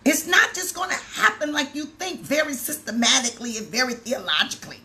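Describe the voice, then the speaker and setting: A woman bishop preaching, telling a story with acted-out dialogue and building to loud exclamations. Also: high voice, a little fast. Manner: animated storytelling, acts out dialogue, rises to exclamations. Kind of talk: sermon with storytelling.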